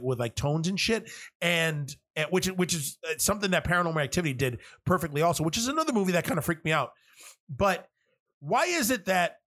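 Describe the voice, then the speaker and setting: A man's voice: on the high side, a bit bright. A man talking in a casual, rambling monologue, swearing often and restarting his sentences a lot. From half Cuban. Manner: rambling, profane, lots of restarts.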